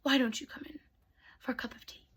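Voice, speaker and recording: A woman's voice: fast talker, a bit bright, close to an everyday voice. A woman voicing a scheming middle-aged stepmother in a bedtime story, sugary and fawning.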